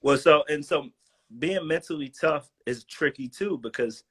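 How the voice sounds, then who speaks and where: A man's voice: fairly high pitch, moderate pace, breathy edge. A young man in his twenties, a guest on a video call, telling stories in casual slang and acting out what people said. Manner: animated storyteller, slangy, acts out quotes. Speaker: guest, former college football player. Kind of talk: casual storytelling interview.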